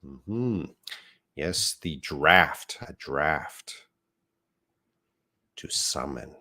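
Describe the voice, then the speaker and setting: A man's voice: very deep voice, animated, extremely slow, sharp tone. A man teaching a live online English lesson, explaining words patiently and reading out viewer comments.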